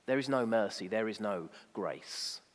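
A man's voice: on the low side, animated, measured pace, long reverb tail. A man preaching a sermon, emphatic and fond of rhetorical asides.

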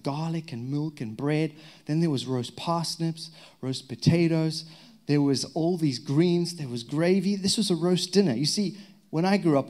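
A man from Zimbabwe with a Zimbabwean accent, a pastor giving a lively sermon with humorous stories. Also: fairly high pitch. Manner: lively, humorous storytelling with prayer. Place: church hall.

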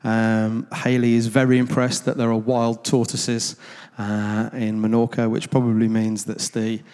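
A man of middle pitch talks to a gathered crowd in an easy, rambling way, with ums and wry asides at his own expense. His voice rings out with the long reverb of a large hall. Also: little pitch movement, measured pace, darkish tone, clean tone. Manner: rambling and conversational, with many ums and self-deprecating asides. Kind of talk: informal anecdotal talk to a gathered audience.

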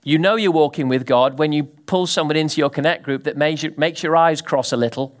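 A man preaching a sermon to a congregation, animated and full of sudden rises and drops, often asking the listeners questions. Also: a little high, brisk, hardly any pauses. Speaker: pastor.

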